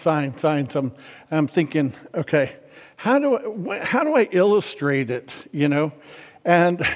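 A male pastor delivers his sermon at an unhurried pace. He tells stories in a conversational way, stumbling and restarting, then rises to emphatic peaks. His slightly high voice carries a long reverb from a large hall. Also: a little mellow.

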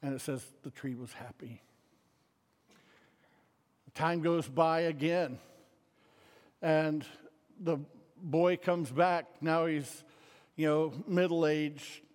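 A man's voice: on the high side, a little mellow, smooth, big-room sound. A man telling a story in a sermon, in a casual, rambling way full of fillers.

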